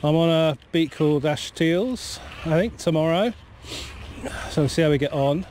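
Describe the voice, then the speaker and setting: A man's voice: fairly high pitch, normal speed, darkish tone, a little hiss or hum. A man with a cold, vlogging casually and rambling cheerfully outdoors by a river in bad weather, talking to a camera mic. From Cornwall. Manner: chatty, rambling, easily amused. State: has a cold. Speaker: fishing vlogger. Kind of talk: casual outdoor vlog narration.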